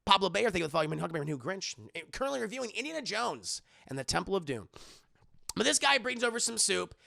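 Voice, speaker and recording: A man streaming a casual film review to his live chat, retelling scenes and acting out the lines in quick put-on voices. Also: high-pitched, big pitch swings, creaky, pushed and bright.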